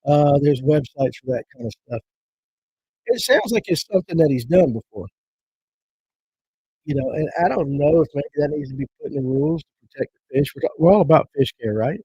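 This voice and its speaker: A man hosts a casual fishing livestream, reading comments aloud and joking his way through them in folksy banter. His voice sits a little high but sounds mellow and slightly husky. The stream audio is dry and dull, lo-fi. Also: lively intonation, brisk, dry recording. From Georgia.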